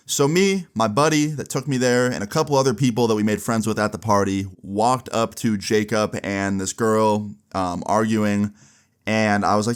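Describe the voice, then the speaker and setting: Young male YouTuber, animated casual storyteller with lots of fillers. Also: lowish voice, moderate pace.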